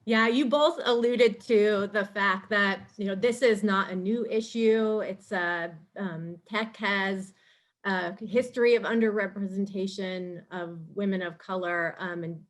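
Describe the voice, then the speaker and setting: A woman's voice: mid-range voice, steady tone, measured pace. A woman moderating a panel discussion, asking questions in a conversational way with fillers.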